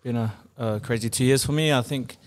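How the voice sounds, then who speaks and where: A man in his early twenties chats as a guest athlete, soft-spoken and unhurried. He hesitates often and fills pauses with "um" and "so". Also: mid-range voice. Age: 20s. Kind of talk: casual chat.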